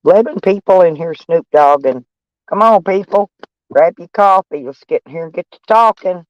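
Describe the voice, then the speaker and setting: A woman's voice: lowish voice, expressive, normal speed, dry recording, lo-fi sound. Brash older woman ranting. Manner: brash, profane, laughing taunts. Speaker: livestream host. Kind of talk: casual livestream rant.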